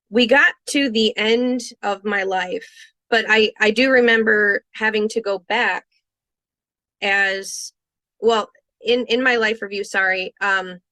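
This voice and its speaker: A young woman speaks with a bright, tense edge in an earnest, halting way. She pauses and restarts as she quotes her own thoughts. The recording is dry and close, with no room sound. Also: mid-range voice, dry recording. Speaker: podcast guest telling her near-death experience. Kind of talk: personal storytelling interview.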